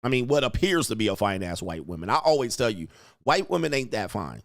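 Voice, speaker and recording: Livestream host, mocking profane rant, lively pitch, dry mic. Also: male voice, a little fast, no room sound. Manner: animated, mocking, swears constantly; reads chat messages aloud. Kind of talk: profane ranting commentary.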